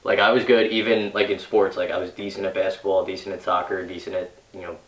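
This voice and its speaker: A man's voice: deep voice, little pitch movement, fast, fairly bright tone. A young man in a casual chat with friends, laid-back and rambling with many fillers. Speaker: guest. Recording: roomy sound from a distant mic.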